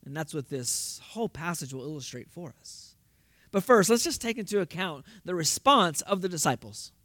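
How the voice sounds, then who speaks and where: A man preaching with a notably high voice. He works through rhetorical questions and breaks into emphatic bursts. The recording is dry, with almost no room sound. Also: very animated, moderate pace, bright, forceful tone, dry recording. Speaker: pastor. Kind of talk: sermon.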